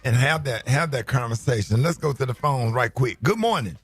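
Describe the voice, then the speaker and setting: A man hosting a morning radio show, telling stories in an animated, joking way with some mild cursing. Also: medium pitch, brisk, slightly rough. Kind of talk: casual morning radio banter.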